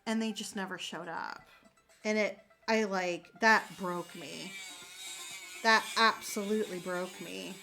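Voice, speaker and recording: A woman's voice: medium pitch, fairly even intonation, a little slow, gravelly, soft background music, rough recording. A young adult woman chatting casually with her viewers. She rambles, with many fillers, and answers them sympathetically. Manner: warm, sympathetic toward viewers. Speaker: streamer answering chat. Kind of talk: casual chat.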